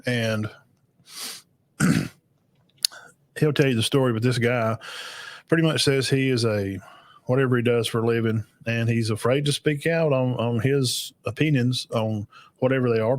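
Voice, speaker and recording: A man's voice: mid-range voice, no room sound. A middle-aged man hosting a podcast reaction stream, talking casually with many fillers and restarts.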